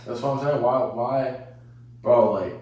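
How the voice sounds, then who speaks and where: A man's voice: medium pitch, measured pace, mellow, lo-fi sound. A man hosting a casual podcast, rambling, provocative and laughing at himself. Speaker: podcast host. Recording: echoey room, mic at a distance.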